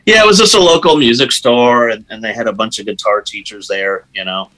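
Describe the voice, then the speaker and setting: A man being interviewed as a guitarist, telling stories in a casual, animated way with lots of "you know"s. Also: lowish voice, brisk, poor audio. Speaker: guest guitarist.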